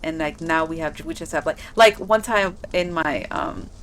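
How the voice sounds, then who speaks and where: Female streamer, lower register, loose rambling chat over gameplay, light background noise. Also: normal speed, fairly bright tone. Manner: rambling, chatty, lots of "like" fillers. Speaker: gaming streamer.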